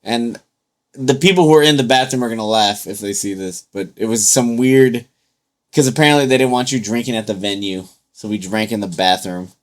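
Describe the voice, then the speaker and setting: A man's voice: fairly low pitch, a little fast. A young man co-hosting a casual chat, telling loose, profane stories and acting out what people said, a little tipsy from drinking. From United States. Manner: loose, profane storytelling with acted-out quotes. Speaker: podcast co-host.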